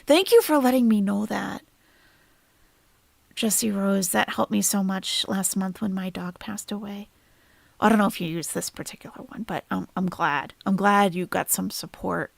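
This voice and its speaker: A woman's voice: medium pitch, moderate pace, gravelly, no echo. A woman hosting a casual reaction livestream, chatty and blunt, reading viewer comments. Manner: chatty, swings from soft sympathy to blunt profane ranting.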